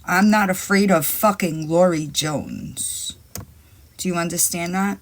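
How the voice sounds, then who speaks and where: A woman's voice: fairly low pitch, measured pace, slight background noise. A woman hosting a live stream in casual chat, brash and profane, taunting her rivals and rambling to her chat on a phone mic. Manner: rambling, talks straight to chat. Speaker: livestream host.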